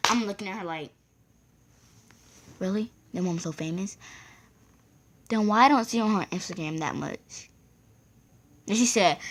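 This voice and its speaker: A woman's voice: on the low side, a little slow, long pauses. A woman vlogger rambling through a casual storytime, acting out the voices of the people in it. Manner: rambling, acts out quoted voices.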